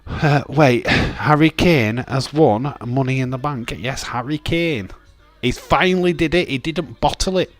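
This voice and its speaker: A man's voice: mid-range voice, unhurried, faint music behind. A man hosts a casual wrestling watch-along stream, joking with his chat, reading viewer comments aloud and laughing often. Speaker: livestream host.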